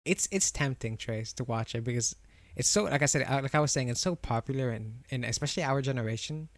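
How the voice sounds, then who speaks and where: A man's voice: mid-range voice, fast talker, dry recording. A young adult man streaming, chatting casually with his viewers in a rambling way with lots of restarts. He has a slight lisp on R and W sounds. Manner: chatty, rambling, answers chat with frequent restarts and laughs. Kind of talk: casual live-stream chat.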